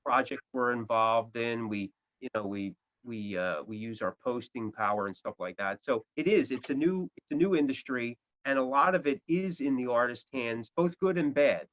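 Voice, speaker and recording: A man's voice: medium pitch, lively intonation, normal speed, hardly any pauses, a bit bright. A man, a band's guitarist, talking casually in an interview, rambling with many restarts and fillers. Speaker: guitarist guest. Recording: dull lo-fi audio.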